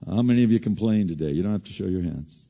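A man preaching a sermon, animated, swinging from loud emphasis to hushed asides and often repeating words as he restarts. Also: deep voice, fast talker, vocal fry, in a large hall, highs cut off.

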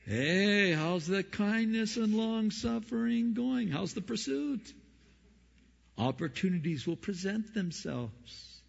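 A man's voice: high-pitched, animated, slow pace, creaky. A man preaching a sermon, emphatic, asking the congregation rhetorical questions. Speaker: pastor. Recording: dull lo-fi recording with long hall reverb.

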